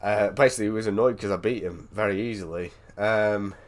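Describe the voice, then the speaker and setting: A British man chatting casually with a friend, telling an animated story, swearing freely and often restarting his sentences. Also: fairly low pitch, brisk. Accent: British English. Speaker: streamer. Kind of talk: casual chat on a voice call.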